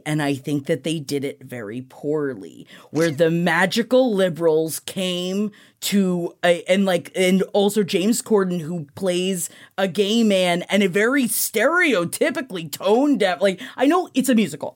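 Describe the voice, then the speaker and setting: A woman co-hosting a podcast over a remote call, talking in a frank, heated way and swearing freely. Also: lowish voice. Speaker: podcast co-host. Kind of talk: casual chat.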